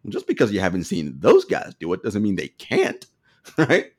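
A man's voice: on the low side, huge pitch swings, moderate pace, slightly rough. A man co-hosting a casual sports podcast, telling stories animatedly and laughing often. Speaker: podcast co-host.

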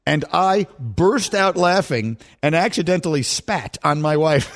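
Animated man hosting sports talk. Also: a little high, unhurried. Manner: animated storyteller, breaks into laughter. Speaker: sports radio host. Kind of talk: casual studio banter. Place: radio studio. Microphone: studio microphone.

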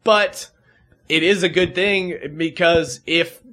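A man's voice: a little high, slow pace, fairly bright tone. A man hosting a podcast, ranting in casual chat with sarcastic asides. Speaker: podcast host.

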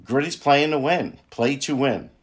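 A man's voice: mid-range voice, measured pace. Wry laid-back male sports co-host. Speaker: podcast co-host. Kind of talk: casual sports chat.

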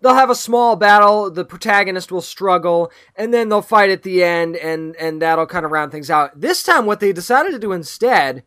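A man co-hosting a podcast, chatting casually and enthusiastically about a movie he liked. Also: high voice. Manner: enthusiastic, animated, quick restarts. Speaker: podcast co-host. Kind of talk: casual movie review chat.

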